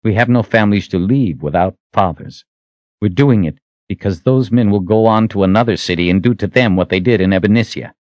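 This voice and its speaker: A man's voice: lowish voice, fairly quick, darkish tone, no echo, pitched above the performer's own voice, lightly acted. A man acts out an earnest young army captain in a storybook reading. He speaks with raised, intense conviction, pushing every line forward. The sound is dry and a little muffled. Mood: resolute.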